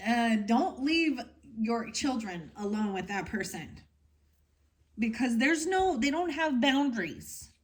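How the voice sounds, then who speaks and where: A woman's voice: fairly high pitch, very animated, slow pace. A woman giving a casual tarot reading to her viewers, rambling and frank, going off on tangents. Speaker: tarot reader.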